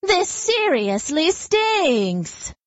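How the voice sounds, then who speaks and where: A woman's voice: high voice, wildly swooping pitch, extremely slow, a bit bright, no echo, dull audio, exaggerated voice. A woman voicing a grumpy female skunk with a whiny, squealing manner.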